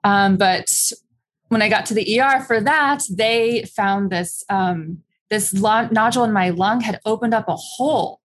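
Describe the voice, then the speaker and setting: Young adult woman, interview guest, candid and halting personal storytelling. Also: medium pitch. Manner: candid, halting, many fillers. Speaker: guest telling her story.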